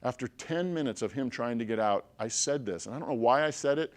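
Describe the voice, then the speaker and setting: A man telling a personal story to a group of listeners. He talks in an animated way, swinging between loud bursts and hushed stretches and checking in with his listeners as he goes. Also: mid-range voice, brisk. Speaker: motivational speaker.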